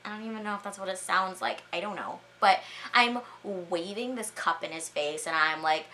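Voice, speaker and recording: A young woman vlogger telling embarrassing stories in a chatty, animated way, full of "like" and "all right?" asides. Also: lowish voice, moderate pace. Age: young adult. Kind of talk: storytime vlog.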